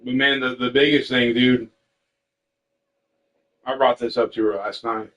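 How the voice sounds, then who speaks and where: A man's voice: mid-range voice, fairly even intonation, measured pace, fairly bright tone, highs cut off. A man telling stories in casual chat, swearing often and quoting family. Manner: emotional storytelling, swears, quotes others; eating while talking. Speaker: podcast host.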